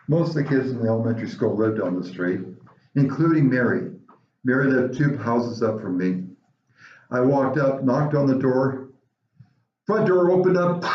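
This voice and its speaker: A man telling a personal story in an animated way, with dramatic pauses. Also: medium pitch. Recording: roomy, dull lo-fi recording.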